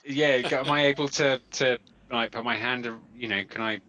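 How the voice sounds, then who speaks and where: A man takes part in a tabletop game as a player, his voice bright and clear. He asks questions hesitantly, starting over several times before getting them out. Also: mid-range voice, steady tone, normal speed, muffled recording.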